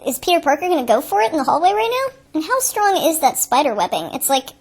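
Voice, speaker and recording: Host, female, high voice; loose, jokey running commentary on a film, all tangents. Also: big pitch swings, fast talker, creaky. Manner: chatty, joking, rambling asides. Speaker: show host. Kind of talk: improvised movie commentary. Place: at home watching TV.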